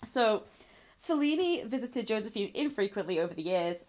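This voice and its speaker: A woman's voice: medium pitch, expressive, normal speed, darkish tone. A woman co-hosting a podcast, telling a true crime story in a chatty way, swearing freely and laughing often. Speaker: podcast co-host. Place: lives in Scotland.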